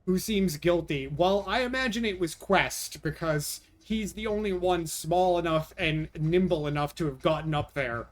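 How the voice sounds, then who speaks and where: Answering his viewers' comments during a casual live stream, a young man vents with exasperation and swears often. His voice sits a bit high for a man, and he talks at normal speed with hardly any pauses.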